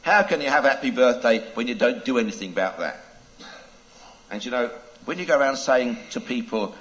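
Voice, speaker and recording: Animated preacher telling a story. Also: male voice, mid-range voice, highs cut off, a little hiss or hum. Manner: animated, dramatic, drawn-out phrases. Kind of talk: children's story with a moral.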